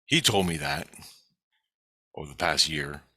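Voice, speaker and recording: A man's voice: rumbling low, measured pace, sharp tone, no room sound. A man telling a dream story in a rambling, profane way, acting out the other people's voices. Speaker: vlogger.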